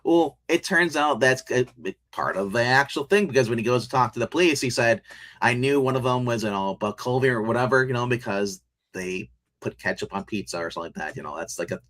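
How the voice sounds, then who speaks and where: A man co-hosting a casual review show, talking in a rambling and animated way, with lots of restarts and laughs as he retells scenes. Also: mid-range voice, fairly quick. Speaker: podcast co-host reviewing a TV show.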